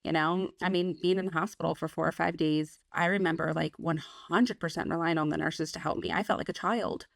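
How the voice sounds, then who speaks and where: A young woman speaks in a frank, unfiltered way on a podcast, swearing often and acting out her own past thoughts. Her voice sits low and has a gravelly fry to it. The sound is dry and close, with no room echo. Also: steady tone, brisk, hardly any pauses. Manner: frank, swears freely, quotes herself in voices. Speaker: podcast co-host. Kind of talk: candid casual chat.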